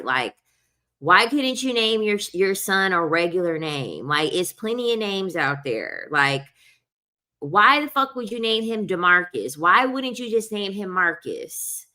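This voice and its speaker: Blunt, slow-talking woman with a bright voice. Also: on the low side. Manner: blunt, profane, keeps saying "I'm sorry". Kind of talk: casual opinionated rant to viewers.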